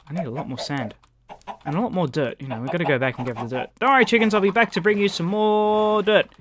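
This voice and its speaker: An Australian man rambles through a laid-back gaming commentary, swearing freely and yelling at the chickens in the game. His voice sits a little high for a man. Game noise can be heard plainly behind him. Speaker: gaming YouTuber. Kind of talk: casual rambling commentary while playing.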